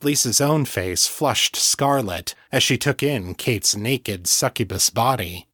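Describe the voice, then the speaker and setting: A man reading fiction aloud as an audiobook narrator, in a measured, deliberate way. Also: mid-range voice, fairly bright tone, breathy edge, dry recording, studio quality. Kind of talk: scripted narration.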